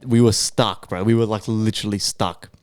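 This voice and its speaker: Man, Australian accent, casual podcast storytelling, crisp resonant voice, dry close mic. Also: lowish voice, fairly even intonation, moderate pace, darkish tone, no echo. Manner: profane, rambling anecdote full of acted-out quotes. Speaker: podcast co-host.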